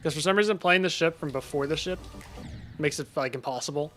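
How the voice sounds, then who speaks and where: Young guy streaming a game, bright voice, keeps cutting himself off to answer chat, quiet music in the back. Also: on the high side, brisk. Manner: chatty, self-interrupting, reacts to chat. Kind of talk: casual live-stream commentary while gaming. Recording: faint music behind.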